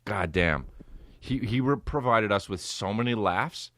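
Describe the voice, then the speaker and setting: A man's voice: on the low side, animated, unhurried, fairly bright tone, no room sound, clean studio sound. A man in his thirties hosting a podcast, telling a rambling, profane, laid-back comedic story. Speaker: podcast host.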